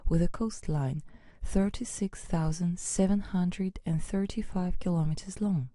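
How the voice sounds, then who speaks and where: Woman narrator for a school lesson: steady, explanatory read, lowish voice, dry booth sound. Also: measured pace, no room sound. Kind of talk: scripted educational narration.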